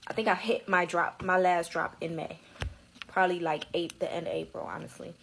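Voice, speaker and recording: A young woman tells a personal story in loose, slangy speech, dramatic and tearful. Her voice has a gravelly edge. A faint hiss sits under the recording. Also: on the low side, level tone, fairly quick, a bit bright, low-quality recording. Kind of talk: emotional storytime.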